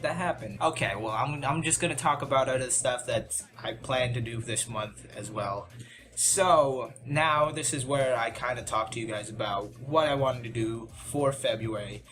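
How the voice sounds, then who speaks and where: A man's voice: medium pitch, fairly bright tone. Rambling, self-mocking young man with music behind. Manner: rambling, self-deprecating, many restarts and asides. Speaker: YouTube channel host. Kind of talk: casual storytelling vlog. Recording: music bed under the voice.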